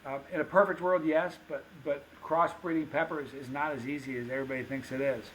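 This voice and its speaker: A man telling stories on a podcast, animated and acting out the dialogue of the people in them. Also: a little high, fairly quick, slight background noise, low-quality recording. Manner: animated anecdote-teller, acts out quoted dialogue. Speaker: podcast guest, pepper show host. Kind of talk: casual storytelling.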